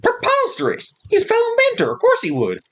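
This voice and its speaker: A man voicing a pompous, excitable old male mentor who speaks theatrically in a very high voice. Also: fairly quick, creaky, heavily acted. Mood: pompous exclaiming. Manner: theatrical, exclaiming.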